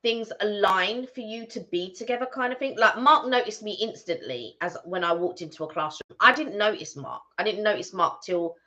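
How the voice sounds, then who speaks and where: A woman's voice: mid-range voice, normal speed, hardly any pauses, bright, forceful tone. A woman co-hosting a live stream, chatting casually and animatedly, with frequent restarts. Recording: dull lo-fi stream audio.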